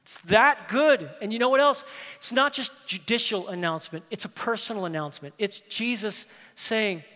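A man preaching a sermon from the pulpit, swinging between impassioned loud passages and hushed storytelling. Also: high voice, moderate pace. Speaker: pastor. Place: large church sanctuary. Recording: long reverb of a large hall.

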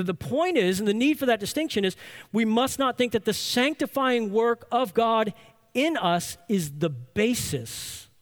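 A man with a notably high speaking voice delivers a sermon with emphatic conviction. He drives his points home by repeating key phrases and posing rhetorical questions to the room. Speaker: pastor.

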